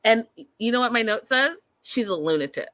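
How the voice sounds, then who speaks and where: A woman's voice: on the high side, fairly quick. A woman in her thirties hosting a casual show recap, blunt and opinionated, talking straight to her listeners. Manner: animated, blunt and opinionated, addresses listeners as y'all. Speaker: podcast host recapping a reality show.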